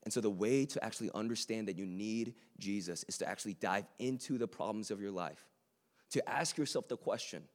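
A man's voice: on the low side, fairly quick. A man preaching a sermon to a live room, earnest and conversational, with joking asides to the audience.

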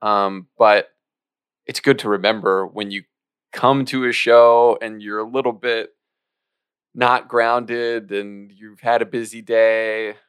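A man's voice: fairly low pitch, fairly even intonation, slow, a bit bright, smooth, dry recording. A man co-hosting an improv podcast in casual chat, explaining his thoughts at length. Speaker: podcast co-host.

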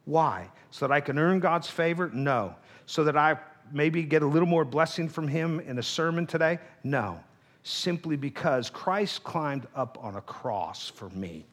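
A male pastor preaching a sermon, telling a personal story and acting out both sides of a quarrel, then dropping to a low, hushed voice for the heart of his message. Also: expressive, measured pace.

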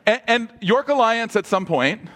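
A man with a fairly high voice preaches to his congregation. He keeps asking them questions and moves between lively, joking asides and slower, softer passages. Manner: humorous asides. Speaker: pastor. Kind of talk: sermon.

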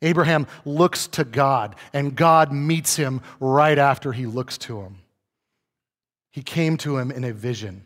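A man's voice: medium pitch, measured pace, fairly bright tone, in a large hall. A man preaching a conversational sermon, acting out the dialogue of the people he quotes. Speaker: pastor.

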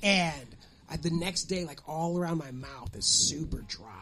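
A man telling a story on a casual podcast, profane and animated, getting loud when he acts out what people said. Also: a little high, moderate pace, a crowd in the background.

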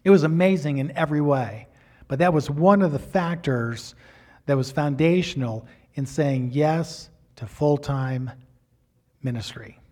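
A middle-aged male pastor tells a personal story in his sermon, animated and acting out the quotes with big swings in loudness. His voice is on the high side, and he keeps a measured pace.

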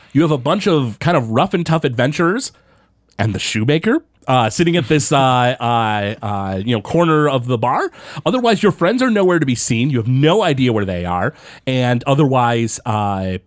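Rambling young game master. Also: male voice, very animated, moderate pace, dry recording, studio quality. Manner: rambling, lots of fillers, pitch jumping around. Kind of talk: narrating a tabletop game.

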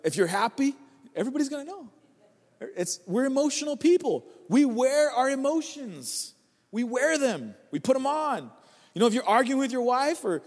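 A man preaching as a guest speaker at a church service, talking in an energetic, conversational way and repeating phrases for emphasis. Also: extremely high pitch, big-room sound. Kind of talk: sermon.

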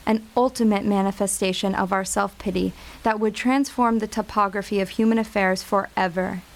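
A woman reading a scripted story in a measured, wry storytelling voice. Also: mid-range voice, vocal fry. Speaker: narrator.

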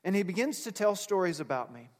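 A man's voice: high-pitched, very animated, quick pace. A man preaching a sermon, talking in an earnest, conversational way with fillers. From United States. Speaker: pastor. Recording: long reverb of a large hall.

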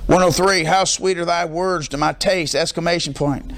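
Emphatic pastor preaching a sermon. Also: male voice, on the high side, steady tone, moderate pace, a bit bright. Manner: emphatic, asks the congregation call-and-response questions.

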